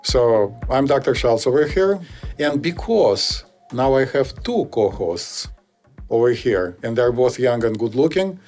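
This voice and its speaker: Russian-accented male podcast host, mid-pitched, rambling explainer with lots of pauses. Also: sing-song, a little mellow, faint music behind. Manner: explanatory, meandering, hesitant with many pauses. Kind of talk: casual podcast chat.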